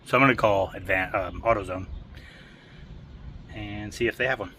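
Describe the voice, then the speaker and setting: A man's voice: fairly low pitch, moderate pace, sharp tone, slight background noise. A man chatting self-mockingly while working on his vehicle, out of breath from the effort, recorded on a camera mic outdoors. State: out of breath from work. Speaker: home mechanic vlogger. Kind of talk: casual workshop commentary. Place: outdoor driveway garage.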